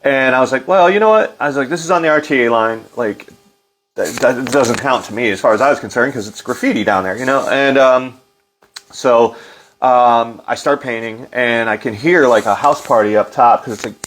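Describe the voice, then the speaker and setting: A man's voice: mid-range voice, moderate pace. Middle-aged guy, casual storytelling, lots of likes and ums, perks up doing quotes. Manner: animated, acts out quotes in livelier voice; loose, filler-heavy delivery. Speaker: interview guest.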